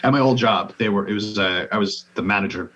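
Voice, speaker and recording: A man's voice: on the low side, quick pace, fairly bright tone, highs cut off. A man co-hosting a casual music podcast, rambling and joking at his own expense with frequent laughs. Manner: self-deprecating, rambling, laughs often. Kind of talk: casual chat.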